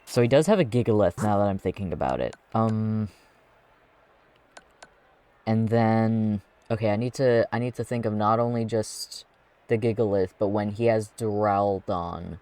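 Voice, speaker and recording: A man's voice: fairly low pitch, moderate pace, dark tone, no room sound. A man streaming a video game, chatting casually and giggling as he works through his plans aloud. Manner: giggly, thinks aloud with restarts. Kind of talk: casual gameplay commentary.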